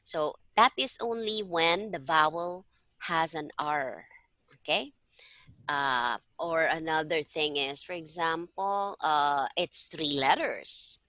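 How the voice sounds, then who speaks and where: Language tutor, woman: bright, forceful voice with a low-ish pitch, patient explainer on a video call. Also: slow pace, no echo. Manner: patient, checks understanding often. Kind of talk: one-on-one online tutoring.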